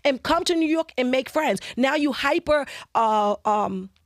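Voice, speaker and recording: A woman comedian on a podcast, ranting in a lively way and acting out little scenes. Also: high voice, unhurried, no echo, clean studio sound. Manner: animated ranting, acts out scenes. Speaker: guest comedian. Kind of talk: casual podcast chat. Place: lives in New York.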